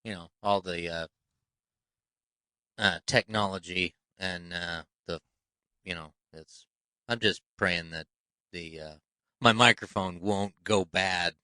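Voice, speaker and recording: A man co-hosting a casual comedy podcast, dropping deadpan wisecracks. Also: low voice, slow, long pauses, smooth, no echo. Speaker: podcast co-host.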